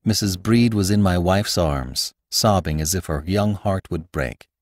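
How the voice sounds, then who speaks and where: Expressive low-voiced male storyteller. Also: a little slow, no echo, clean studio sound. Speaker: audiobook narrator and podcast host. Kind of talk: scripted narration.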